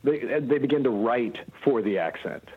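A man, a guest voice actor, telling relaxed anecdotes in a casual interview, with frequent fillers and restarts. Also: mid-range voice, moderate pace, narrow, tinny audio, a little hiss or hum.

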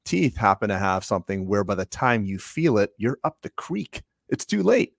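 Low-voiced man in casual dental chat. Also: big pitch swings, moderate pace, vocal fry, no echo, studio quality. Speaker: dental podcast co-host.

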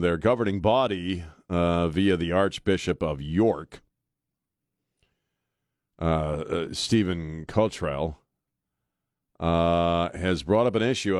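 A man's voice: low voice, dry recording. A man hosting a talk radio show, speaking bluntly and sarcastically with frequent hesitant fillers, in a studio at a microphone. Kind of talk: opinionated talk radio monologue.

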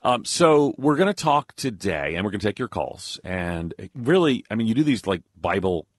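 A man, a radio host, bantering and teasing his colleague on air with sudden jumps in pitch. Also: big pitch swings, moderate pace, dry recording, clean studio sound.

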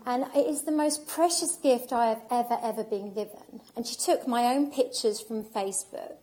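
A woman's voice: a little high, moderate pace, dark tone. A woman giving an emotional, heartfelt personal talk at an event, speaking with emphasis and repetition.

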